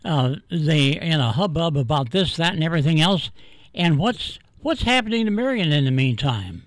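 A man's voice: fairly high pitch, big pitch swings, moderate pace, no echo. An older man co-hosting a live radio show, chatting in a folksy way and making dry quips. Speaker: radio co-host. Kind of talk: casual live radio chat.

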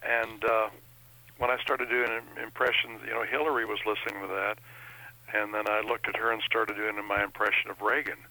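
In an interview chat, an impressionist guest tells anecdotes in a chatty, folksy manner. His lowish voice has little pitch movement and comes out pushed and bright at normal speed, on a dry, low-quality recording.

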